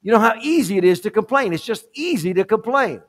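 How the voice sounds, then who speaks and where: A male pastor preaching a sermon in a church sanctuary, emphatic and repetitive, swinging from quiet, low asides to loud climaxes. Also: animated, fast.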